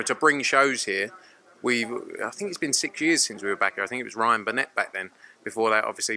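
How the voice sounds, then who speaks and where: A man from Romford, a boxing promoter telling rambling, animated stories in a casual interview. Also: on the low side. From Romford, England.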